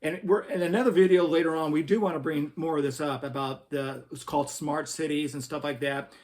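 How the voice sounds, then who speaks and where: A man's voice: fairly high pitch, steady tone, a little fast, darkish tone. A man hosting a Christian commentary video, earnest and preacherly, reading scripture aloud. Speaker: host.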